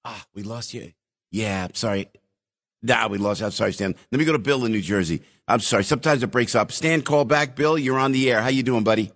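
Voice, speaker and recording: A man's voice: medium pitch, brisk, fairly bright tone. A middle-aged man hosting a casual call-in radio show, joking with callers and loose with fillers. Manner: teasing, loose, filler-heavy. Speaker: radio host.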